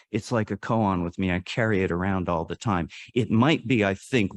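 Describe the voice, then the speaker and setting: A man delivers a storytelling sermon to a congregation in a fairly low voice. He speaks earnestly, climbing to dramatic rises and then falling to hushed drops. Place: worship service hall.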